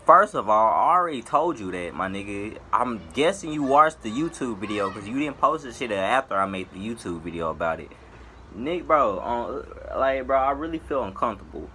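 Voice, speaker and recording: A man with a bright, forceful voice rants to his viewers in an exasperated, profane vlog. His pitch climbs high and drops low again as he vents, and a faint hiss sits under it. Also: very animated, moderate pace. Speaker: vlogger. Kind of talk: ranting to camera.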